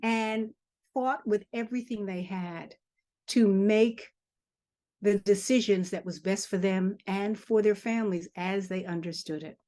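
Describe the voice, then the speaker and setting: A woman's voice: medium pitch, measured pace, dark tone, no room sound. An older woman, a children's author, speaking earnestly in a podcast interview, telling stories with emphatic repetition. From Charleston, South Carolina family; grew up in Harlem.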